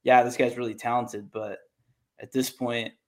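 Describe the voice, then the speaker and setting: A young man with a mid-range voice chatting about sports with a friend. He talks in a laid-back, halting way, leaning on fillers as he thinks aloud. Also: mid-range voice, level tone. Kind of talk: casual sports chat.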